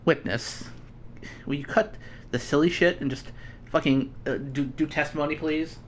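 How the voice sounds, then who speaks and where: A woman's voice: low-pitched, normal speed, a little hiss or hum. A woman reading through a game and making casual, profane, joking asides as a let's-play host. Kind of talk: game playthrough commentary. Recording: game music in background.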